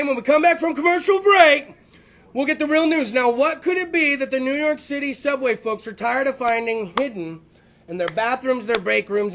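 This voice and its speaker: Podcast host, male, very high, bright voice, profane rambling comic rant. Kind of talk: comedic rant.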